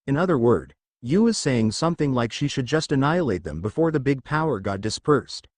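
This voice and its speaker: A young man narrating a fan fiction story in a plain, steady way. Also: medium pitch, fairly quick, hardly any pauses, no room sound.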